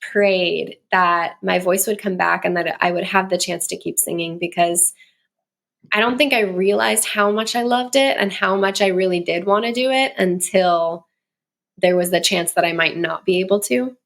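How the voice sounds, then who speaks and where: A woman's voice: lowish voice, normal speed, gravelly, a bit bright. A woman in her thirties, a guest on an interview show, telling stories in a chatty way and laughing often. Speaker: guest, communication coach and musician. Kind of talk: casual interview chat.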